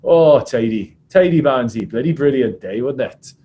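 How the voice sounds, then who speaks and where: A man imitating a loud, blustering rugby prop who swears casually. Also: medium pitch, expressive, normal speed, lo-fi sound, slight background noise, close to an everyday voice. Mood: jovial.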